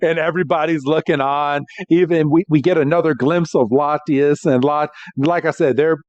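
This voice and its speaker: A man's voice: a little high, fairly even intonation, normal speed, darkish tone, dry recording, dull audio. A man co-hosting a podcast, casually recapping a cartoon episode and often laughing as he slips into mock character voices. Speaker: podcast co-host.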